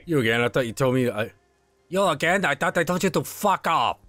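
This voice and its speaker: A man's voice: on the high side, animated, a little fast, fairly bright tone, no echo, soft background music, pitched above the performer's own voice. A man voicing a curt, irritable door guard in a video game. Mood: irritated. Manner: curt, dismissive.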